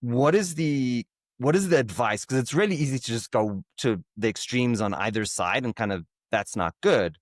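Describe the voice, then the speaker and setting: A middle-aged man hosting a podcast interview, reflective and a bit halting as he asks questions. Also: mid-range voice, no echo, clean studio sound. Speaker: podcast host. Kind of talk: conversational interview.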